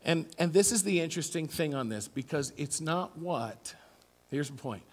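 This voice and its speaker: A man's voice: fairly high pitch, expressive, moderate pace. A middle-aged man preaching a conversational sermon as pastor, chatty and self-deprecating, acting out little voices. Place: church sanctuary. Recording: long church hall reverb.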